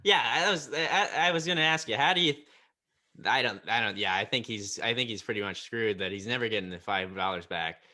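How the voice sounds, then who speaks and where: A man hosting a podcast who talks in halting, stumbling asides in casual chat. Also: fairly low pitch, animated, bright, forceful tone. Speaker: podcast host.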